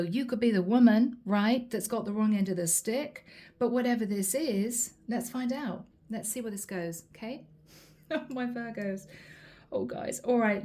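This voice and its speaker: A woman gives a casual tarot reading, chatting and telling a story as she goes. Her voice sits fairly high with a mellow, soft timbre. She keeps checking in with her listeners in an easy, talkative way. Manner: chatty, storytelling, frequent tag questions. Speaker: tarot reader. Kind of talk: casual monthly astrology reading.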